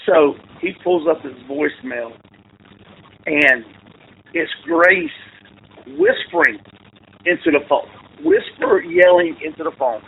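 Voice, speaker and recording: A football coach with a gravelly, high-pitched male voice spins a rambling yarn in a casual storytelling interview. He speaks slowly with long pauses, animatedly acting out quotes. The audio is a tinny, phone-like line with faint noise.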